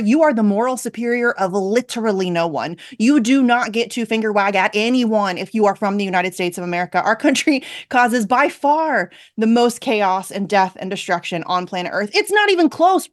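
A young woman hosting a political talk show, ranting animatedly in exasperation. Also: fairly high pitch. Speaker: show host. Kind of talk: political commentary chat.

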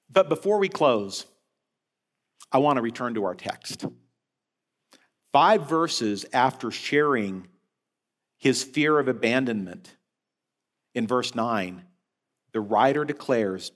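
A man preaching a sermon as head of a senior-care ministry, telling a story with animated rises and falls. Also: mid-range voice, takes it slowly, long pauses. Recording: long hall reverb.

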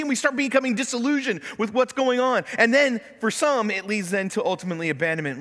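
A man preaching a sermon from the pulpit, his voice high-pitched and bright. He is animated and acts out the complaints and prayers he quotes. The sound rings with the long reverb of a large church hall. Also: fast talker, hardly any pauses. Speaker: pastor. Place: church sanctuary.

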